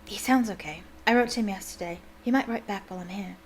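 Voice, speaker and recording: A soft-spoken teenage boy wizard, voiced by a woman reading aloud. He answers quietly and calmly, half under his breath. A gentle storybook reading. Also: medium pitch, fast talker, natural voice.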